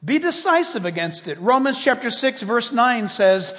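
A man's voice: extremely high pitch, big pitch swings, measured pace, few pauses, a bit bright, big-room sound. A male pastor preaching a sermon, emphatic and full of rhetorical questions to the congregation.

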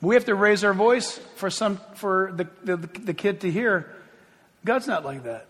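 A man with a high voice preaches as pastor to his congregation. He is emphatic, dropping to hushed asides and then swelling into loud, ringing appeals. His voice carries a long reverb from a large hall. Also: lively intonation, measured pace. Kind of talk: sermon.

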